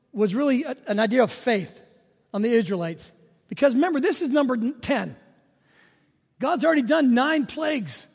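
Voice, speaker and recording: A man's voice: very high-pitched, darkish tone, big-room sound. A man preaching a sermon as pastor, telling stories in a chatty, joking way. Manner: conversational storytelling with humor.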